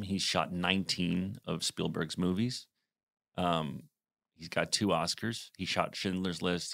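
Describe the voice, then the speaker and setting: A man co-hosting a podcast, telling a story in casual chat, animated and swearing freely with lots of fillers. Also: low-pitched, vocal fry. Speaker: podcast co-host.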